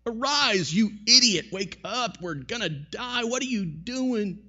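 A man voicing a panicked ship captain who yells frantically. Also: sits high, animated, unhurried, dull audio, pitched above the performer's own voice, heavily acted. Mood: frantic. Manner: frantic yelling.

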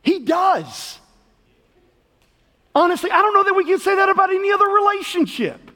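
A middle-aged man preaching as pastor to a congregation in a church, swinging between loud calls and hushed words. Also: very high-pitched, very animated, normal speed, pauses often. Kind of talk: sermon. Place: church sanctuary. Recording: long hall reverb.

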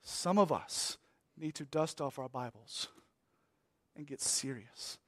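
A man preaching a sermon as pastor, emphatic, swinging from loud declarations to hushed lines. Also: on the high side, takes it slowly, dry recording, studio quality.

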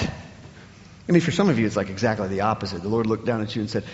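A man preaching a sermon in an animated way, often repeating words as he builds up. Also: on the low side, fast, long reverb tail, dull audio. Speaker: pastor.

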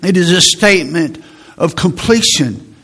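A man's voice: fairly high pitch, animated, measured pace, fairly bright tone, breathy edge. Man preaching with emphatic repetition. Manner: emphatic preaching with repeated phrases and restarts. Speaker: pastor. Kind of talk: sermon.

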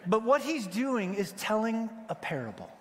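A man from Wyoming preaching a sermon as pastor, animated and joking, acting out the voices he quotes. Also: high voice, normal speed, a little hiss or hum. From Wyoming, United States. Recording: long hall reverb.

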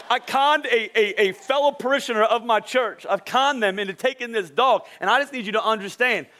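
A man in his thirties preaching a sermon as pastor, telling stories in an animated way and often tossing "right?" to the congregation. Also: high-pitched. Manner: animated storytelling, frequent "right?" asides.

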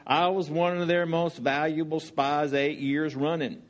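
A man's voice: fairly high pitch, little pitch movement, unhurried, voice pushed up, natural voice. A man voicing a boastful retired old male talking dog who spied for the government, speaking with a folksy Southern drawl.

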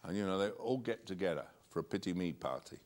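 Jovial man preaching a lively sermon. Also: low-pitched, fast. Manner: jovial, chuckling, switching between scripture reading and banter. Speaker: pastor.

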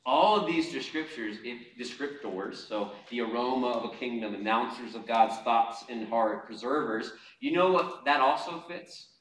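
A man's voice: mid-range voice, animated, moderate pace, few pauses. Impassioned preacher man, echoey hall. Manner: impassioned, swinging between loud urging and quiet asides; conversational, calls on the congregation. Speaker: pastor. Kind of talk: sermon. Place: church hall before a congregation. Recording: echoey hall, mic at a distance.

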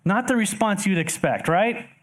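A pastor with a high voice preaches at normal speed, reading scripture verses aloud and explaining them. He addresses the congregation directly, using rhetorical questions and animated rises for emphasis.

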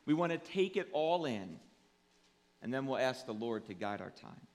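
A man preaching a sermon as pastor, earnest and deliberate, swelling to emphatic peaks and then sinking low and quiet. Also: big pitch swings. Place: church sanctuary. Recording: long church reverb.

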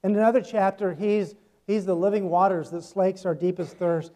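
A middle-aged male pastor preaching a sermon, earnest, moving between emphatic points and hushed asides. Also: high-pitched, fairly even intonation, moderate pace.

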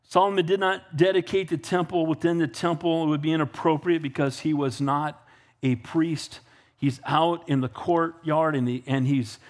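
High-voiced fervent male preacher. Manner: builds to fervent, raised preaching, with audience call-outs. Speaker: pastor. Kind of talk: sermon.

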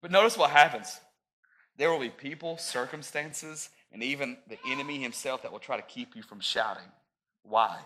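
A man in his thirties preaching a sermon as pastor, rising to loud peaks and dropping into joking asides. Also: mid-range voice, moderate pace, noisy background.

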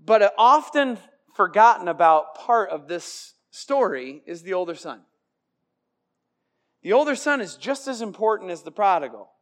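A man preaching a lively, jokey youth sermon, calling out to his listeners for amens. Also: high voice. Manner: animated, jokey, calls for amens. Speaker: youth pastor.

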